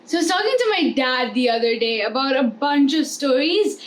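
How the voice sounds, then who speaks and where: A woman's voice: sits high, lively intonation, moderate pace, slight background noise. A teenage girl hosting a jokey, rambling comedy vlog. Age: teens. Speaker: vlogger.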